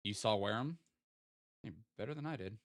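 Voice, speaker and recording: A man's voice: on the low side, brisk, no echo, clean studio sound. A man streaming a geography guessing game, thinking aloud and playfully teasing his chat as he goes. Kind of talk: casual live-stream game commentary.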